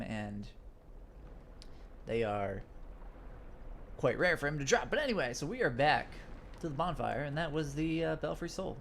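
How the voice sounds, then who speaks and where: A man's voice: medium pitch, creaky, a little hiss or hum. A man commenting casually on his own gameplay, a little stuffed up, rambling with many fillers and asides. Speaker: gaming channel host.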